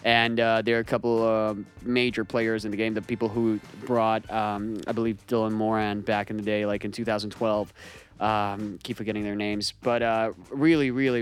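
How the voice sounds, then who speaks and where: Man, radio host, casual banter, halting, jokey, faint music behind. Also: lowish voice. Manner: rambling, halting, filler-heavy, joking. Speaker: radio show host, stand-up comedian.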